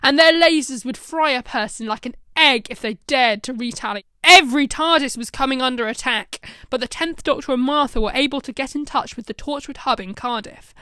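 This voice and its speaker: A woman with a high voice reads a fan short story aloud at a brisk clip. The sound is dry and close, with nothing from the room around her. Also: pushed and bright, clean tone, no room sound. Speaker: narrator.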